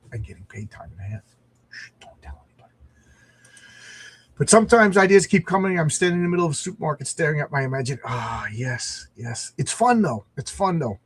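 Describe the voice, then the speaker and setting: A man's voice: medium pitch, slightly rough. A middle-aged man hosting a comic book show, chatting casually and rambling in a self-deprecating way. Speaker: comic podcast host.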